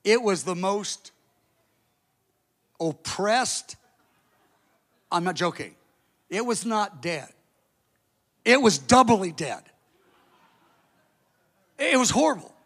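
A man preaching as a pastor, telling a story in an animated way, jumping from loud outbursts to hushed asides and acting out the people in it. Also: sits high, takes it slowly, long pauses. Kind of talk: sermon storytelling.

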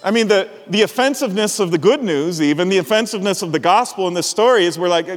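Middle-aged pastor guy preaching, pretty high voice, earnest, echoing big hall. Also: lively intonation, fast talker, few pauses. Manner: earnest, builds to emphatic peaks, drops low and quiet for weight. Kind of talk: sermon.

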